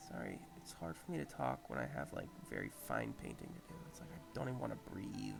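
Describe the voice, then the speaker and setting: A man hosting a casual livestream, muttering quietly to himself as he concentrates on painting a miniature. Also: rumbling low, wildly swooping pitch, fast, creaky, music in the background. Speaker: host.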